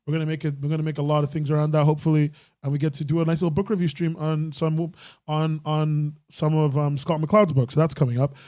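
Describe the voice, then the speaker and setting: A young man in casual podcast chat, voice sitting a little high for a man. He rambles, restarts his sentences and laughs at his own jokes. The sound is close and dry. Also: level tone, fast talker, warm tone, dry recording. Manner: rambling, self-interrupting, laughs often. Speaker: podcast host.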